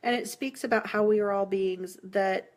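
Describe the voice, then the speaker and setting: A woman's voice: mid-range voice, fairly even intonation, normal speed, very noisy. A woman giving a live-streamed tarot reading, chatty and reassuring, laughing often as she talks to viewers. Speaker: tarot reader.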